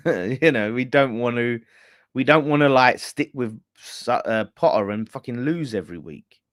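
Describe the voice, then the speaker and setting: A man's voice: medium pitch, measured pace, no echo, studio quality. A man hosting a casual fan live stream, ranting bluntly with swearing and laughter. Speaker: fan channel host.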